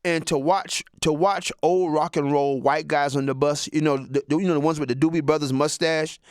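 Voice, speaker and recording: A man's voice: fairly high pitch, steady tone, moderate pace, clean tone, dry recording, studio quality. A man in his sixties doing a profane, rambling stand-up monologue. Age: 60s. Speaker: comedian.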